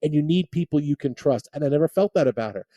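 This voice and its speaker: A man's voice: on the high side, expressive, fast talker, dark tone, dry recording. A man hosting sports talk radio, rambling and often restarting his sentences. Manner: rambling, repeats words when restarting thoughts.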